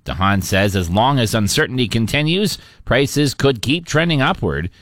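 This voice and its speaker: A man reading a local radio newscast in a steady, measured newsreader manner. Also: medium pitch, dry recording, studio quality. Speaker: radio news anchor.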